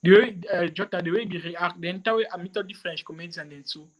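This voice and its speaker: A man, a comedian chatting in an interview, animated and quick to slip into French. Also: high voice. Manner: animated, switches into French and mimicry. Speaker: comedian guest. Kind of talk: casual interview chat.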